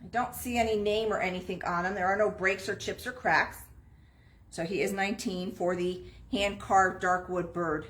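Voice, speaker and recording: In a steady, medium-pitched voice with a bit of brightness, a woman chats through items and prices at normal speed. She's an antique shop host running a live-stream sales pitch, recorded with a roomy echo.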